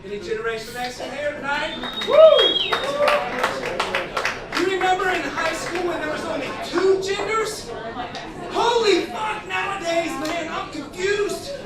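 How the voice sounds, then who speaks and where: A woman in her forties hosting a comedy show, loud and profane, yelling jokes at the crowd. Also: very high-pitched, lively intonation, measured pace, long pauses. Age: 40s. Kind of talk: stand-up hosting. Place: comedy club stage. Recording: echoey club, far from the mic, loud crowd.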